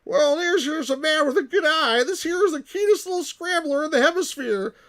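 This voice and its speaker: A man voicing a slick used-spaceship salesman with a Texan accent, in a loud, drawling sales pitch. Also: a little fast. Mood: eager pitch.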